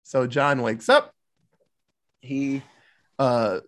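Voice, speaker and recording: A man's voice: mid-range voice, fairly even intonation, drawn-out words, fairly bright tone. A man casually retelling a movie plot for a podcast, loose and profane, slipping into the characters' lines. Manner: loose, profane storytelling with acted-out quotes. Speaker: podcast co-host.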